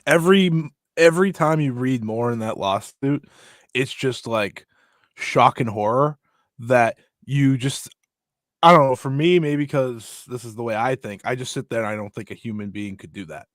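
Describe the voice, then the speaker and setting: A man's voice: mid-range voice, normal speed, dry recording, clean studio sound. A man co-hosting a wrestling podcast, talking bluntly and emphatically in casual chat. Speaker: podcast co-host.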